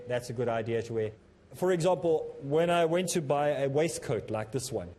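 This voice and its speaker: A man's voice: mid-range voice, dark tone, a little hiss or hum. A man presenting a televised lesson, speaking earnestly and instructively to the viewers from a studio. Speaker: TV presenter teaching public speaking. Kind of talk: studio lecture to camera.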